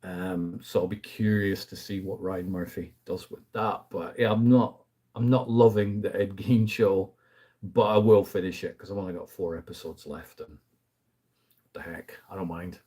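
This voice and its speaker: A man's voice: sits low, steady tone, a little slow, mellow, husky. A man hosting a casual movie review chat, rambling through asides with the odd light laugh. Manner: chatty and rambling, with frequent asides and fillers; laughs lightly mid-sentence.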